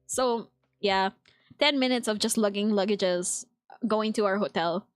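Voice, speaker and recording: A young Filipino woman streams casually, laughing often as she reads chat aloud and answers it. Her medium-pitched voice is unhurried, and the studio sound is clean with no echo.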